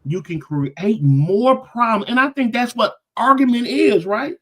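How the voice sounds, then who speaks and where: A middle-aged man co-hosting a casual podcast, reading out viewer comments with lively, preacher-like emphasis. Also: very high-pitched, measured pace, a crowd in the background. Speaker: podcast co-host.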